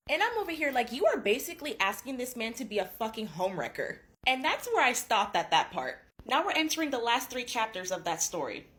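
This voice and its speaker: A young woman in her twenties casually recapping a book, gossipy and animated, swearing freely. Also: on the high side. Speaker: booktuber.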